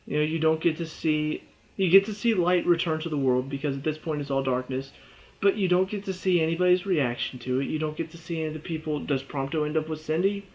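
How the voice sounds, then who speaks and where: A man with a slightly higher-than-usual voice talks through a video game review in a loose, rambling way, stopping to correct himself and chuckling often. The recording sounds muffled and lo-fi. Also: fast talker, a little mellow. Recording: dull lo-fi sound.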